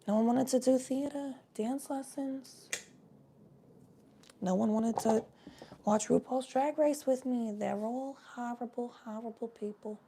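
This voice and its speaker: A woman's voice: a little high, measured pace, mellow, slight background noise. A woman voicing a silly psychic stoner woman in a put-on New Jersey accent, giving a brash, profane live-stream tarot reading. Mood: mock-bitter.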